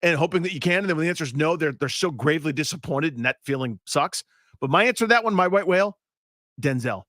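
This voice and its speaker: A man's voice: on the high side, lively intonation, fairly bright tone, no room sound, studio quality. A male sports radio co-host reading listener questions and giving emphatic opinions in casual talk. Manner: emphatic, quick opinions, does impressions.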